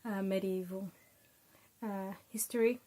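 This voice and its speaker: Australian woman, young adult, casual talk, chatty, filler words, medium pitch. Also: fairly even intonation, a little slow, warm tone, poor audio. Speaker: book reviewer. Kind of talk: casual spoken review.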